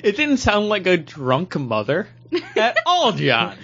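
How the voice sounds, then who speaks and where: A man co-hosting a podcast, talking casually about comic books and beer, joking with animated delivery. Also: high-pitched, slow. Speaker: podcast co-host. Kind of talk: casual chat. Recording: dull lo-fi podcast audio.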